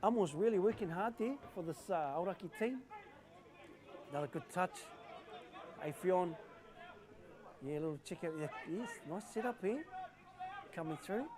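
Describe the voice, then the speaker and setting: Excitable New man calling touch rugby. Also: high voice, moderate pace, long pauses. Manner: chatty, laughing, excitable calls. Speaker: commentator. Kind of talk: live sports commentary. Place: outdoor sports field. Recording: outdoor crowd noise.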